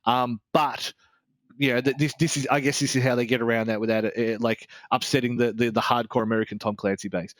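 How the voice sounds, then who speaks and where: A man's voice: mid-range voice, steady tone, fairly quick, no echo. Rambling, swearing Australian man. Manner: rambling, candid, swears freely. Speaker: game reviewer. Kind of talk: casual review chat.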